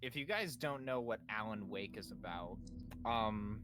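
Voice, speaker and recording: A man's voice: fairly low pitch, animated, a little slow, fairly bright tone. A man co-streaming a game, teasing and ribbing his host in playful banter. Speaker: guest co-streamer.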